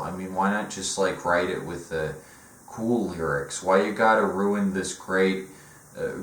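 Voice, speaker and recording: A young man rants through sarcastic comedic commentary, profane and mocking. His voice sits low. The room gives it a clear echo. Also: fairly bright tone. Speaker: video essay host. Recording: echoey room.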